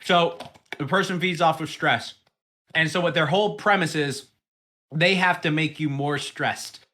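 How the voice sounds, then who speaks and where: Bright, rambling young podcast co-host. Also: male voice, a little high, a little slow. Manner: rambling, profane, animated storytelling with put-on quotes. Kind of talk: casual chat.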